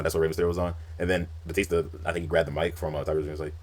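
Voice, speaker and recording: Brief: low-voiced man, rapid-fire wrestling recap, rambling and animated. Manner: fast, rambling recap with acted-out quotes. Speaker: wrestling list narrator. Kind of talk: recounting wrestling storylines.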